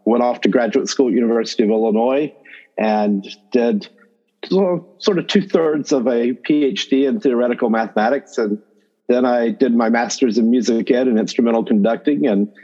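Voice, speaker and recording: A middle-aged man with a North Carolina accent, a math education professor telling his story in a relaxed, chuckling way as a podcast guest. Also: medium pitch, moderate pace, dull audio. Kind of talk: conversational interview.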